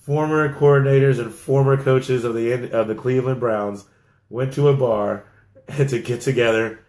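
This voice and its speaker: A man's voice: mid-range voice, fairly even intonation, moderate pace, a little mellow, reverberant. A man co-hosting a casual sports talk show, joking and laughing often. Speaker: podcast co-host.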